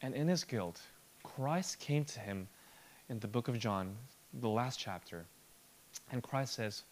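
A man preaching a sermon with earnest emphasis. He drops to a soft, slow, near-whispered delivery and rises again for emphasis. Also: mid-range voice, animated, a little hiss or hum. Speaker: pastor.

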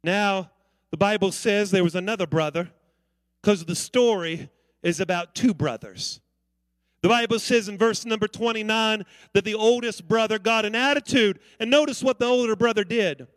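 High-voiced man preaching a sermon. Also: normal speed, fairly bright tone, no room sound. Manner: preaching with call-outs to the congregation. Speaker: pastor.

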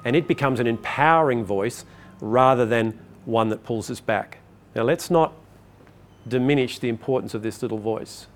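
A man's voice: medium pitch, normal speed. An older man, a public speaking coach, giving a chatty motivational talk to a live audience and asking it questions.

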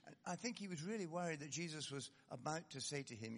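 A male preacher with a gravelly, husky voice, swinging widely up and down in pitch as he talks. His manner is lively and chatty, with wry asides about himself. A long echo from a large hall trails his words. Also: a little fast. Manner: animated, conversational, self-deprecating asides. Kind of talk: sermon.

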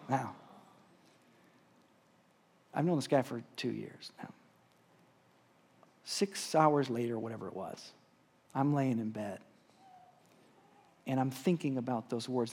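Husky male preacher telling a story. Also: medium pitch. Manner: animated storyteller, shouting the story's lines, dropping to a hush. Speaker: pastor. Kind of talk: sermon with storytelling and prayer. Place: church hall.

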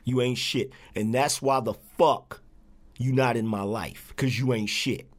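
A livestream host with a medium-pitched voice rants angrily at his viewers, unhurried and with fairly even intonation. His tirade is profane, repetitive, and confrontational.

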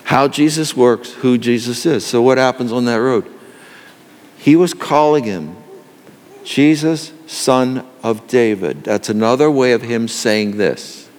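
A man's voice: medium pitch, unhurried, long reverb tail. A male pastor delivering an earnest sermon that builds in intensity.

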